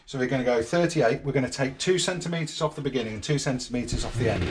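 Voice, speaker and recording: A man's voice: mid-range voice, fast. A man, a vlog host patiently walking his son through a hands-on boat repair, one step at a time. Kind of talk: hands-on DIY explanation. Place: outdoors at a boatyard in light rain.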